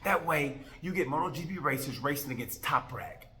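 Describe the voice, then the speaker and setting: A man with a bright, forceful voice hosts a racing review as a loose comedic rant. He rambles from joke to joke and throws in exasperated asides. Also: fairly high pitch, lively intonation, moderate pace. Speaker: host of a motorcycle racing review.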